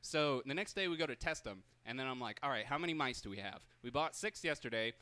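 Bright-voiced young man spinning a yarn. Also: mid-range voice, animated, fast talker, no echo. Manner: chatty, quotes his dad and himself. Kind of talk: casual storytelling among friends.

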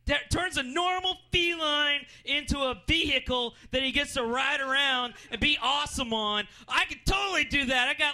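A man doing a rambling stand-up set at an open mic in a comedy club, jumping up in pitch for his punchlines. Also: sharp tone. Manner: rambling, jumps in pitch for punchlines and put-on voices.

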